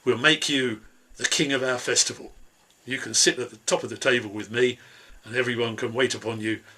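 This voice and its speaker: A man voicing a kindly, gruff old farmer who speaks heartily and reassuringly in a told folk tale. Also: mid-range voice, steady tone, brisk, pushed and bright. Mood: hearty.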